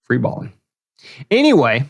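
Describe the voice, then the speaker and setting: A man's voice: mid-range voice, huge pitch swings, normal speed, gravelly. Sarcastic man podcast co-host. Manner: sarcastic, wry. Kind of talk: opinionated commentary.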